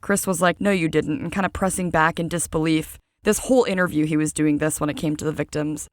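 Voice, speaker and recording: Woman, true crime narration, fairly low voice, scripted with casual asides, dry close mic. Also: fairly even intonation, fast, dry recording. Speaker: true crime podcast host.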